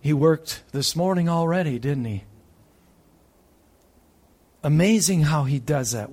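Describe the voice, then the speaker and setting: A man delivers a sermon in a slightly husky voice that sits a little above the usual pitch for a man. His delivery swings between loud, urgent peaks and soft, hushed stretches. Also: animated, unhurried, long pauses. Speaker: preacher.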